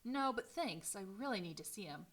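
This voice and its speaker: A woman voicing a guarded middle-aged man in a novel reading, speaking politely and in a measured way. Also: medium pitch, animated, fairly bright tone, husky.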